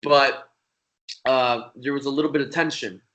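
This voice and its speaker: Bright-voiced young man telling a story. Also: mid-range voice, moderate pace. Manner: profane, rambling, animated. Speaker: magician guest. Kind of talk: casual storytelling.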